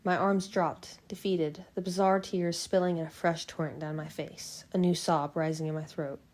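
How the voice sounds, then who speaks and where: A woman narrating a novel in the first person with a low, mellow voice. Her reading is steady and unhurried, and the tone stays soft and rounded throughout. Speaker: fan audiobook reader.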